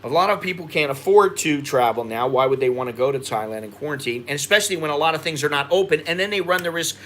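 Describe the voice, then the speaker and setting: A man's voice: fairly high pitch, lively intonation, quick pace, fairly bright tone, a little hiss or hum. An American man hosting a livestream, reading viewer comments and rambling with frustration, repeating himself. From United States. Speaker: expat vlogger.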